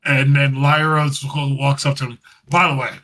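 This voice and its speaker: A podcast co-host with a medium-pitched, fairly bright voice speaks at normal speed with little pitch movement, recorded at low quality. He casually recaps wrestling, rambling and laughing as he acts out what was said.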